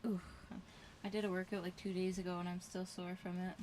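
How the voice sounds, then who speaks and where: Relaxed woman chatting on a livestream. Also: lowish voice, fairly quick, slight background noise. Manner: relaxed, brief remarks, often laughing along. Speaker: livestream co-host living on a sailboat. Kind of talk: casual livestream chat reading viewer comments.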